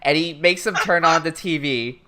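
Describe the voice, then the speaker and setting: A woman in her twenties, co-hosting a casual anime recap with crude jokes and quick silly character voices. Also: low voice, sharp tone. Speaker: podcast co-host.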